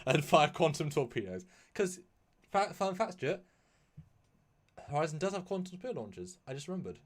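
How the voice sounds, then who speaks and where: A man's voice: on the high side, moderate pace, long pauses. A man chatting casually as a guest on a live stream about his fan films, rambling with frequent laughs and restarts. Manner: rambling, animated, laughs often.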